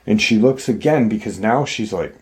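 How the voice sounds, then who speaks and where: A man's voice: lowish voice, expressive, moderate pace, darkish tone. A man hosting a show, casually retelling someone's frightening story in a loose, conversational way with many fillers. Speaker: host and storyteller. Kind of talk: casual storytelling of a retold encounter.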